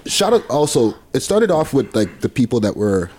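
A man's voice: mid-range voice, big pitch swings, normal speed, darkish tone, a little hiss or hum. A man hosting a casual podcast who steers the talk from topic to topic in a loose, chatty way. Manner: drives the topics, loose and chatty, many fillers. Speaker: podcast host. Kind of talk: casual chat.

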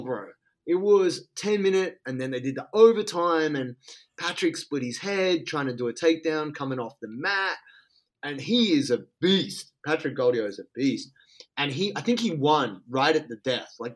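An excitable Australian man telling a story in casual, slangy talk. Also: mid-range voice.

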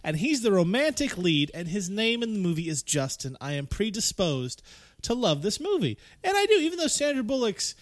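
A man's voice: high voice, huge pitch swings, normal speed. A man hosting a casual podcast chat, laughing often. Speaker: podcast host.

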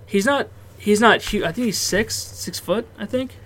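A man's voice: high voice, moderate pace. A man co-hosting a casual sports podcast, talking loosely and swearing now and then. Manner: relaxed, swears freely, breaks off into laughs. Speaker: podcast co-host.

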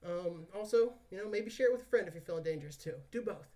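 A man's voice: sits high, quick pace, warm tone, distant mic. Chill guy hosting a podcast, jokey and sweary, sounds a bit back from the mic. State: out of breath after squats. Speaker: podcast host. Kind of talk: casual podcast chat.

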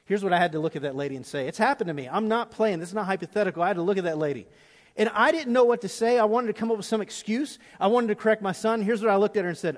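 A middle-aged male pastor preaching a sermon, passionate at times and dropping to a hushed tone in prayer, in a large church auditorium. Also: sits high, rapid-fire. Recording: long hall reverb.

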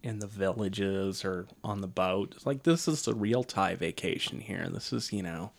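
A man with a lowish voice chats casually on a movie podcast. He rambles in a wry, offhand way. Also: moderate pace, vocal fry. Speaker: podcast co-host. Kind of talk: casual chat about a movie.

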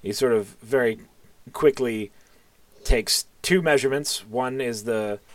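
A man narrates a tabletop game as game master, his voice mid-pitched and close. He talks with halting fillers and restarts. The sound is dry, with no room around it. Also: no room sound. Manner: hesitant, filler-heavy narration with sudden voiced lines.

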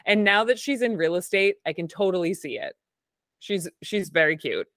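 A woman's voice: fairly low pitch, animated, normal speed, fairly bright tone, dry recording, studio quality. A woman co-hosting a podcast, recapping an episode with enthusiasm and frequent laughter. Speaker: podcast co-host. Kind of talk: casual recap chat.

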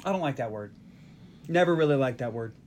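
A man's voice: medium pitch, expressive, fairly quick, a little mellow, slight background noise. A man from the Northeast US hosting a casual podcast, animatedly retelling movie scenes. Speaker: podcast host. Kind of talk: casual movie recap chat.

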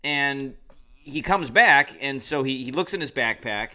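A man's voice: mid-range voice, animated, measured pace, bright, forceful tone. A man co-hosting a podcast, recounting a story in casual chat with a laid-back manner. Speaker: podcast co-host.

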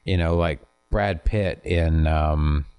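A man in casual conversation, explaining his views in a thoughtful, measured, self-deprecating way. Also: rumbling low, steady tone, mellow, clean tone, faint music behind. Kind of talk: casual chat.

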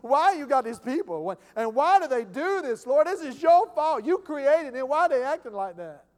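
A man putting on the voice of an ancient prophet who whines and complains, raised above his own voice and louder. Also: very high voice, big pitch swings, moderate pace, in a large hall, pitched above the performer's own voice. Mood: whining. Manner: whining, accusing.

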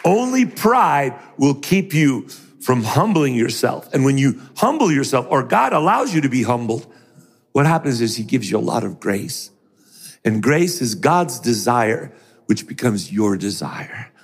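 A man's voice: mid-range voice, unhurried, husky, in a large hall. A middle-aged man preaching a sermon who acts out the voices of the people in his stories. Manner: animated, acts out voices in quotes.

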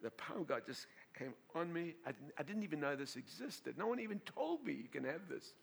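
A male pastor preaching a sermon to a congregation, telling a story in an animated way, laughing and often repeating and restarting his words. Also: fairly high pitch, brisk, gravelly, breathy edge.

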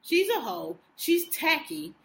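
A woman co-hosting a podcast in casual chat, with a blunt, profane, animated way of ranting. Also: high voice, slow. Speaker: podcast co-host.

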